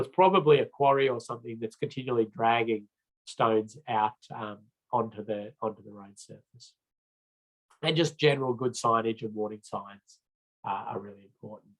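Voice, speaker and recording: A man's voice: medium pitch, moderate pace, low-quality recording. Chatty Australian man giving a lecture. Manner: casual, chatty, with frequent fillers and restarts. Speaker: road safety trainer. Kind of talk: recorded training lecture.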